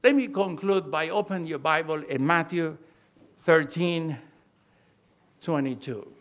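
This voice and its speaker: Older man preaching with fervent emphasis. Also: fairly high pitch. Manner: fervent, emphatic preaching with halting, repeated phrases. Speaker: pastor. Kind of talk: sermon.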